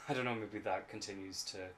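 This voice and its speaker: Chatty Irish man, lowish voice. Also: steady tone, normal speed, a bit bright, a little hiss or hum. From Ireland. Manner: chatty, swears casually, laughs often. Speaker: podcast co-host. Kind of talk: casual chat.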